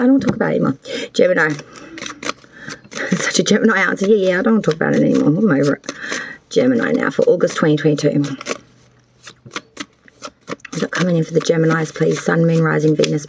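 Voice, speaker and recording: Australian woman tarot host, rambling and foul-mouthed; low, gravelly delivery, dull lo-fi recording. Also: background noise. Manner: chatty, rambling, swears freely. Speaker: tarot reader and channel host. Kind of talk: casual tarot reading vlog. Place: cold house with power out.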